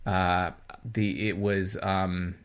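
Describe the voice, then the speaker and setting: A man's voice: low-pitched, little pitch movement, extremely slow, clean tone. A man hosting a casual podcast chat, jokey and playful, with hesitant asides. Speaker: podcast host.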